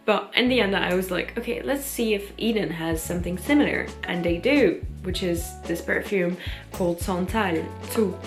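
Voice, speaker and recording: A woman with a French accent talks casually to camera, her voice on the lower side. She pauses often with little ums and keeps a relaxed, chatty flow. Soft music plays faintly behind her. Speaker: vlogger. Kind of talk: casual vlog chat. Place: London.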